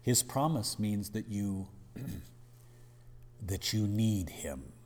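A man's voice: lowish voice, lively intonation, extremely slow, darkish tone, long reverb tail, a little hiss or hum. A male pastor preaching a sermon in an emphatic, dramatic way, with rhetorical questions.

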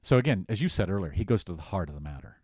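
A man co-hosting a conversational Bible study, animated, acting out voices for emphasis. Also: low voice, racing, breathy edge, dry recording, clean studio sound.

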